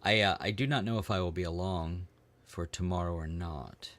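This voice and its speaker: A man's voice: sits low, normal speed, fairly bright tone, no echo. A man co-hosting a casual comedy podcast, laid-back and swearing, laughing often. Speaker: podcast co-host.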